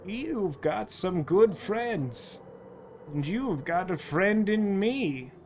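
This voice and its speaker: A man voicing a soft-spoken, grieving mother in a game, speaking slowly and hushed. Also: sits high, expressive, slight background noise, exaggerated voice. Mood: tender. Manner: slow and hushed.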